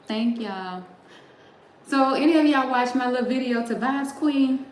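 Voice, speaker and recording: A woman's voice: high voice, measured pace. Chatty middle-aged woman in a roomy space. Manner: chatty, laughs often, talks straight to the chat. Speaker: livestream host. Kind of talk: casual chat with live viewers. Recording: roomy sound with faint background noise.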